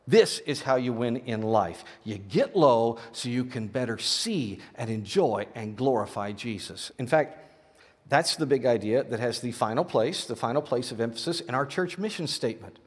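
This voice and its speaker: A man preaching a sermon as pastor, animated, moving between quiet asides and loud exhortation. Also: medium pitch, moderate pace, husky. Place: large church sanctuary. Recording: reverberant hall.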